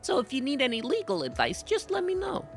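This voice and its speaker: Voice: high-pitched, wildly swooping pitch, a little fast, vocal fry, soft background music, pitched above the performer's own voice, heavily acted. A streamer voicing a tiny, sarcastic male devil who mocks and lectures in a smug, lawyerly way.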